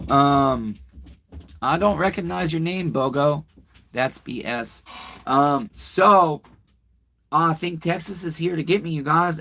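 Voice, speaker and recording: This time the livestream host sounds a little high, with vocal fry and a sharp edge. Chatty and profane, he wanders through a story, reads comments, and talks right to the people watching.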